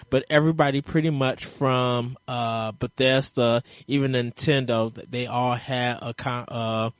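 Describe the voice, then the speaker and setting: A man's voice: mid-range voice, no echo. A man hosting a casual gaming podcast, rambling along with frequent ums and uhs. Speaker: podcast host.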